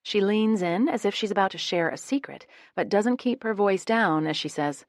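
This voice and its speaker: A woman's voice: mid-range voice, lively intonation, normal speed, hardly any pauses, no echo, clean studio sound. A woman narrating a romance audiobook in the first person, switching into many character voices.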